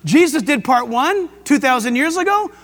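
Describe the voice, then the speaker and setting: A man preaching a sermon as pastor, emphatic and excitable, with jokes and rhetorical questions. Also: extremely high pitch, normal speed. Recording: long hall reverb.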